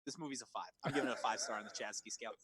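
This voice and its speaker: A man co-hosting a movie review podcast in casual chat over a remote call, animated and swearing freely. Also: medium pitch, very fast, a crowd in the background. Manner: animated, swearing, laughs, mimics lines. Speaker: podcast co-host. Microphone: remote call recording.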